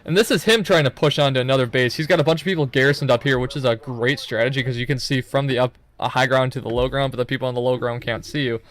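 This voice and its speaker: A man's voice: mid-range voice, fairly even intonation, fast talker, hardly any pauses, fairly bright tone. A young man giving loose, profane, rambling commentary over his own gameplay footage, full of joking asides.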